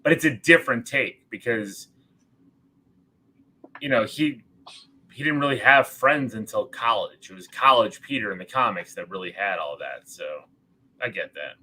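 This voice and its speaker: A man's voice: fairly low pitch, animated, normal speed, pauses often, sharp tone, poor audio. A man co-hosting a casual livestream chat, speaking hesitantly with many repeated words and restarts. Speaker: podcast co-host.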